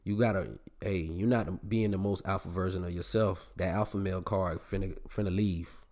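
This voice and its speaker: A man's voice: low voice, steady tone, moderate pace, a little mellow. A man hosting a podcast, delivering a blunt, preachy monologue straight to his male listeners and swearing freely as he goes. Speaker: podcast host.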